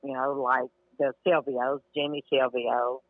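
This time his voice sits mid-range with little pitch movement, a little slow, over tinny, narrow audio and a background crowd. The older man, a podcast guest, spins casual stories in a relaxed, meandering style, leaning on "you know" as a hedge.

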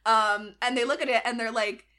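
A young adult woman co-hosting a podcast, retelling history in a casual, animated way and acting out the quotes. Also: a little high, normal speed. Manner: animated retelling with acted-out quotes and frequent laughs. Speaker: podcast co-host. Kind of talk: casual storytelling chat.

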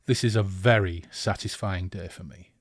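A man's voice: deep voice, normal speed, slightly rough, no room sound, studio quality. A man voicing a malicious male warlord who speaks with theatrical, gloating relish.

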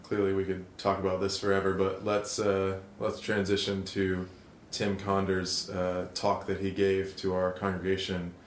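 A man hosting a faith discussion who moves it on to a recorded talk, steady and flat. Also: low-pitched, moderate pace, reverberant, a little hiss or hum. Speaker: podcast host. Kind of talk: show transition.

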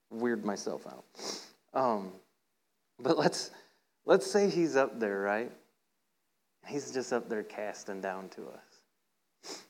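A man giving an informal sermon, telling a playful story and often checking in with the listeners. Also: poor audio. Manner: playful storytelling, acts out voices with rising pitch; conversational, asks "right?" often. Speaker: preacher.

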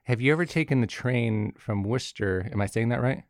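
A man's voice: medium pitch, a little fast, no echo, studio quality. A young adult man co-hosting a podcast in casual chat, rambling and self-deprecating with frequent restarts. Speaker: podcast co-host.

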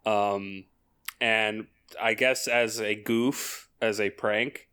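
A young man co-hosting a podcast, telling a story haltingly with many fillers. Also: lowish voice, fairly even intonation, sharp tone, clear, resonant tone. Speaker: podcast co-host. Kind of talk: casual chat.

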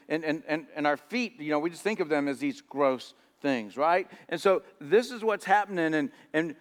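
Guy preaching, high clear voice, keeps repeating words, echoey church. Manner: storytelling, repeats words often. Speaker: pastor. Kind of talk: sermon. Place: church hall.

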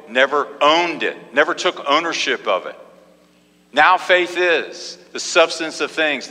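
A man preaching with a bright, forceful voice and a slightly raised pitch. He drives his points with emphatic repetition and call-and-response exclamations. His voice rings with the long reverb of a church hall. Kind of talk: sermon.

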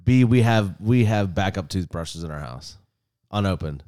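A man's voice: deep voice, lively intonation, moderate pace, dark tone. A man co-hosting a casual podcast chat, telling stories in a joking, profane way. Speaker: podcast co-host.

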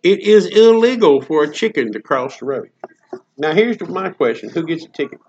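A man's voice: on the high side, lively intonation, normal speed, darkish tone, a little hiss or hum. A man in casual comedic chat, rambling through jokey stories with Southern slang. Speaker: co-host. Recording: dull lo-fi recording.

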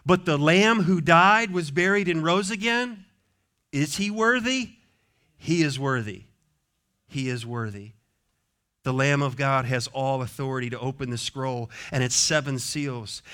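This pastor's sermon comes in a fairly high, expressive male voice, unhurried in pace. Quiet, soothing stretches give way to emphatic declarations said again and again.

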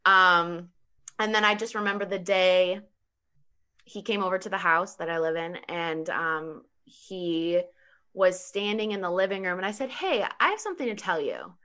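Bright-voiced woman telling a story. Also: fairly low pitch, measured pace, clear, resonant tone. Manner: animated, laughs often, heavy use of 'like'. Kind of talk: personal storytelling in casual conversation.

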